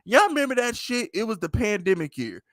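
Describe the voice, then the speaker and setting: A man hosting a casual livestream sports chat, animated and profane, laughing often. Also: sits high, a little fast, no echo. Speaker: podcast host.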